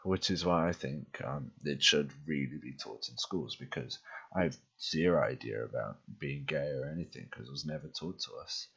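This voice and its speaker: A man's voice: extremely low pitch, moderate pace, creaky, fairly bright tone, breathy edge, lo-fi sound. A young male talk show host chatting casually, rambling and frank, swearing freely. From immigrant to Britain. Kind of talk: casual chat.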